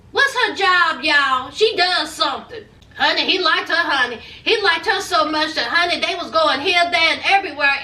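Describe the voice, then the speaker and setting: A high, bright-voiced woman recaps a reality show like gossip with a friend, sassy and chatty, tossing in honey and child. She sounds a bit away from the mic in an echoey room. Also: recorded from a distance. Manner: chatty gossipy storytelling with laughs. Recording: roomy echo, voice off-mic.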